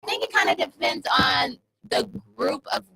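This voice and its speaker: A woman's voice: normal speed, very noisy. A woman speaking frankly and casually in a group podcast chat, with casual swearing.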